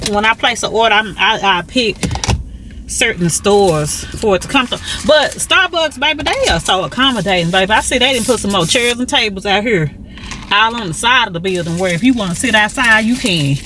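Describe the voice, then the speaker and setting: A woman's voice: mid-range voice, a little fast, a little hiss or hum, low-quality recording. A woman, chatting casually to her viewers in a vlog recorded in her car. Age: 50s. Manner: chatty, animated, calls viewers baby. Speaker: vlogger. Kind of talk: casual chat.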